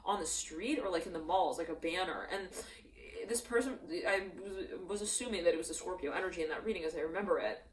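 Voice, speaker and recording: A woman's voice: fairly low pitch, quick pace, slight background noise. Rambling woman doing a tarot reading. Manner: rambling, acts out quoted voices. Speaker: tarot reader. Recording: echoey room, mic at a distance.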